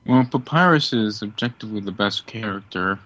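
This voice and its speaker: Low-voiced opinionated man. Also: lively intonation, a little fast, a bit bright, lo-fi sound. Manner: reluctant, opinionated. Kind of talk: casual group chat.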